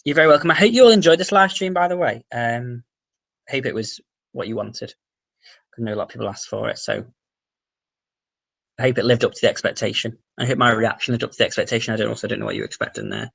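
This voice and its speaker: A man with a Merseyside accent hosts a relaxed livestream, reading his viewers' comments aloud and replying to each. He talks quickly, his voice has a gravelly fry, and he drops the odd swear. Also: mid-range voice. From the Wirral, England. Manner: chatty, reads out viewer comments and answers them, swears casually. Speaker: livestream host.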